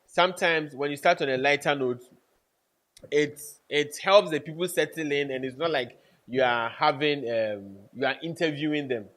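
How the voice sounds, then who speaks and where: A man's voice: on the high side, moderate pace, fairly bright tone. A man giving networking advice to camera, emphatic, repeating key points and checking in with his listeners. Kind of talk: casual instructional talk to camera.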